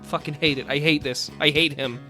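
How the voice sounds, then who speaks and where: A man voicing a haughty, bratty rich young man, read in a crude, mock-haughty deadpan. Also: a little high, brisk, faint music behind.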